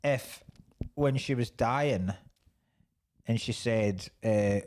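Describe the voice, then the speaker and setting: A man co-hosting a podcast, chatting about a film with an animated, joking manner. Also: medium pitch, drawn-out words, long pauses. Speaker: podcast co-host. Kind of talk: casual film review chat.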